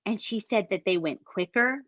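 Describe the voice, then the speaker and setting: A woman, co-hosting a podcast and retelling a true crime story in an animated, casual way that includes swearing. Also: mid-range voice, moderate pace, no room sound, dull audio. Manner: animated, swears, addresses listeners as "you guys". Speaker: podcast co-host.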